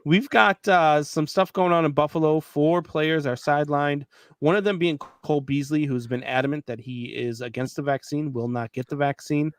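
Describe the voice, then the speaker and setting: A man's voice: a little high, moderate pace, no echo. A man hosting a casual sports talk show, speaking conversationally and moving the discussion from one headline to the next. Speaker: host.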